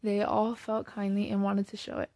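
A woman voicing a bold, lively teenage girl who talks in a brisk, cheerful way. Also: mid-range voice, no echo, lightly acted.

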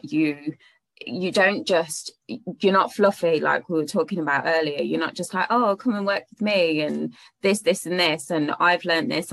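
Gravelly, low-voiced chatty woman host. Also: dry recording. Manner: chatty, enthusiastic, asks "don't we" tags. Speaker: podcast host. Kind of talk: casual podcast conversation.

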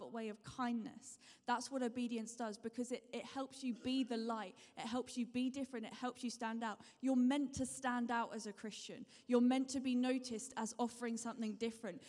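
A woman's voice: on the high side, darkish tone. A woman giving a sermon, repeating her points and putting questions to the congregation. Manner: repetitive, encouraging, asks the congregation questions. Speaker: preacher. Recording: long hall reverb.

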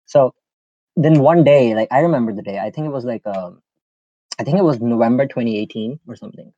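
A man's voice: medium pitch, fairly quick, dark tone, highs cut off. A young man from Pakistan hosting a casual podcast, telling a personal story in a rambling way full of "like" and fillers. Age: young adult. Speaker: podcast host.

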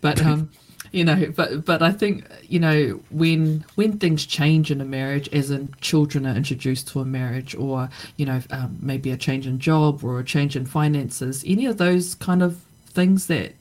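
A woman's voice: low voice, steady tone, normal speed, few pauses, darkish tone, low-quality recording. A middle-aged woman talking reflectively in a casual podcast conversation, with many fillers and restarts. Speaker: podcast guest.

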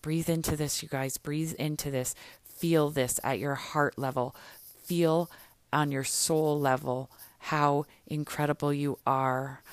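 A woman's voice: low voice, fairly even intonation, takes it slowly, clean tone, no echo. A woman hosting a spiritual podcast, leading a guided affirmation meditation in a soothing, encouraging way. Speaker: podcast host.

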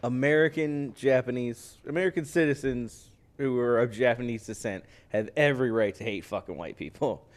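A man's voice: mid-range voice, moderate pace. A man in casual chat, firmly pushing back on a point. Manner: firm, pushes back.

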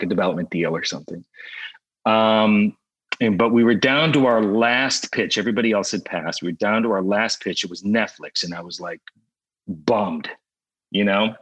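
Low-voiced guy rambling about pitching his show, lots of ums and uhs. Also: fairly bright tone, rough recording. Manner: rambling with many fillers and restarts. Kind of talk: casual interview storytelling.

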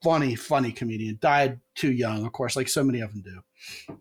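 A man hosting a podcast in casual chat, telling animated stories and acting out quotes in a raised voice. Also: medium pitch, normal speed, husky.

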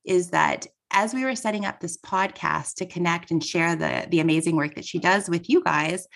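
Woman, podcast host, low pitch, gravelly, has a cold, earnest. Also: a bit bright. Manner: effusive, earnest. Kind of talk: podcast interview.

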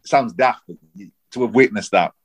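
A man, rambling and animated in casual football chat on a podcast. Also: mid-range voice, moderate pace, slightly rough. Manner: rambling, animated, repeats himself. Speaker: podcast co-host.

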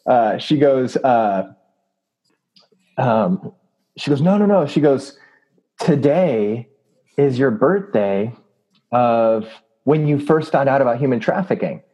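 A man's voice: mid-range voice, takes it slowly, long pauses, mellow, poor audio. A man telling a story in a casual interview, earnest and full of fillers. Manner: earnest, with many fillers and laughs. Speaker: anti-trafficking activist and preacher.

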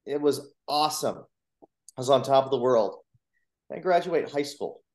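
A man, a motivational coach and speaker, earnestly telling his personal story in a podcast interview, with lively retellings of what people said. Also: mid-range voice, normal speed. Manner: earnest, animated retelling with acted quotes. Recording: roomy echo.

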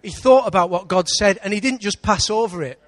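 A man with an English accent preaching a sermon in church, lively, with big swings between loud and quiet. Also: high-pitched, fairly quick. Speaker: pastor.

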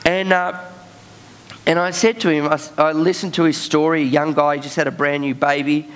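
A young man preaches in a casual storytelling style, slipping in fillers and laughing as he goes. His voice sits a little higher than most men's. He sounds loose and animated rather than formal. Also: brisk, clear, resonant tone. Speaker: pastor. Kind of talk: sermon storytelling.

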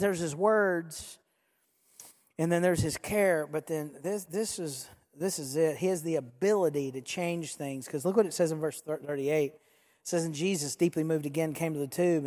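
A pastor preaching a sermon to a live congregation, talking conversationally and swinging between soft, slow stretches and loud, quick bursts, sometimes leading the crowd in repeating a line. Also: mid-range voice. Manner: leads the congregation in repeating lines. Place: large church hall with a live congregation. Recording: long hall reverb.

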